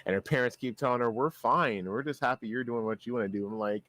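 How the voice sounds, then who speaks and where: A man's voice: mid-range voice, fast, few pauses, a bit bright. A young man co-hosting a podcast, chatting casually, swearing a lot and laughing easily. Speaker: podcast co-host. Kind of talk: casual chat.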